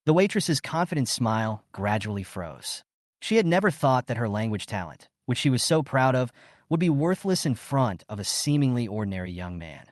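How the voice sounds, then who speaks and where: A man reading a story recap as scripted narration, in a lively storytelling way. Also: mid-range voice, normal speed, no echo, studio quality.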